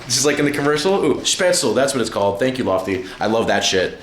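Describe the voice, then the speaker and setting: A man streaming from home, chatting casually, excitable and profane, rambling from one thing to the next. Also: medium pitch, fast talker, reverberant, a little hiss or hum. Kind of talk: casual livestream chat.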